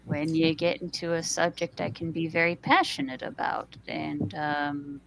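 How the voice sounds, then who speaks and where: A woman's voice: low voice, a little slow, vocal fry, a little hiss or hum, poor audio. A woman on a casual panel chat, speaking earnestly and thoughtfully as a guest.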